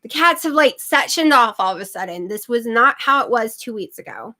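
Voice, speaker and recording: Chatty middle-aged woman with bright voice. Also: fairly high pitch, lively intonation, brisk. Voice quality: chatty, rambling with many fillers. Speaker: channel host. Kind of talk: casual livestream chat.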